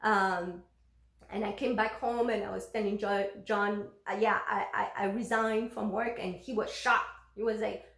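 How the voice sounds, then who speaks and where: A woman's voice: medium pitch, steady tone, measured pace, gravelly, fairly bright tone, reverberant. A woman telling a personal story candidly, often breaking off mid-sentence. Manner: candid and confessional. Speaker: vlogger.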